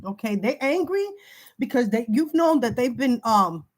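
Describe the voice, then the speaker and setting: Woman, higher voice, emotional vlog monologue, halting and repetitive, urgent warnings. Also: animated. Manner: halting, repeats words, breaks off emotionally. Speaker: spiritual video creator. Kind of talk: emotional direct-to-camera monologue.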